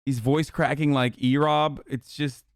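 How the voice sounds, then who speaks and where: A man's voice: mid-range voice, unhurried, no room sound, clean studio sound. A man streaming, giving casual, profane, incredulous commentary on a video. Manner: profane, incredulous, animated rants. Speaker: streamer reacting to a documentary.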